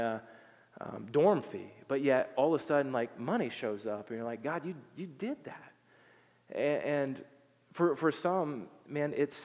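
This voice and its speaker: A man preaching a sermon in a relaxed, conversational way, with many fillers and restarts. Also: on the high side. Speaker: pastor. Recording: dull sound with long hall reverb.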